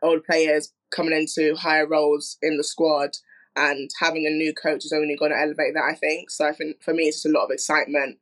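Upbeat woman rugby player, flat pitch. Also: brisk. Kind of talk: interview answer.

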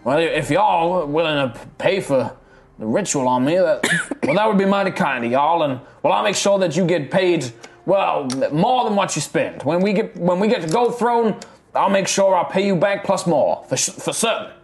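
Tabletop game: man voicing a humble old dwarf, folksy Texan drawl, higher than his own voice, stumbles and restarts. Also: expressive, normal speed, a little hiss or hum. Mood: earnest. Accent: put-on Texan drawl.

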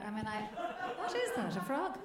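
A comedian guest with an Irish accent and a fairly high voice tells stories in a casual chat, recorded in an echoey room. She's animated, laughing and swearing as she goes.

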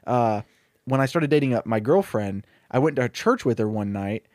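A young man casually pitching a comedic story, rambling and acting out the characters' lines. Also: expressive, normal speed, darkish tone, no echo, studio quality.

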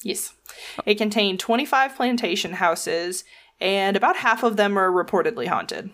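A woman's voice: mid-range voice, moderate pace, fairly bright tone. A woman from the American South, co-hosting a casual podcast and joking wryly as she reads through her notes. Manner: wry, joking, playful. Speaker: podcast co-host. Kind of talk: casual chat, reading researched notes.

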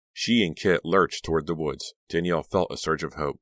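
Very deep-voiced man reading a horror audiobook. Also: no room sound, studio quality. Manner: steady, measured reading. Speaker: audiobook narrator. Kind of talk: scripted narration.

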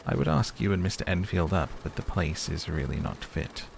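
A man's voice: low-pitched, brisk, vocal fry, slight background noise, exaggerated voice. Man voicing a dreary, despairing doctor. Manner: dreary, hesitant. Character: despairing reclusive male doctor. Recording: steady rain sounds behind.

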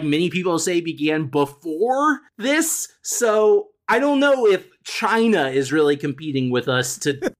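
Male co-host, exasperated rant, lively pitch swings, swears. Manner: exasperated, incredulous, profane. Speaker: podcast co-host. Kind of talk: casual chat reviewing a documentary.

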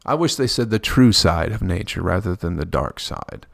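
Man, podcast host, low voice, gravelly fry, profane rambling comedy, dry close recording. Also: lively intonation, moderate pace, fairly bright tone, dry recording. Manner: rambling, profane, laughs at his own jokes. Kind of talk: crude comedic podcast monologue.

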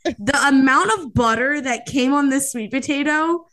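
A young woman co-hosts a podcast in easy casual chat. Her voice sits a little high, and she tells stories full of "like" and "um," putting on voices for what people said. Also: moderate pace, a bit bright. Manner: chatty storyteller, acts out quotes, many fillers. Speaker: podcast co-host.

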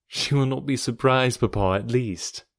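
A calm and sensible young daughter, read by a man, speaking patiently and reassuringly. The voice sits at a middling pitch, close and dry. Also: moderate pace, no room sound, close to an everyday voice. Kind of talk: audiobook reading.

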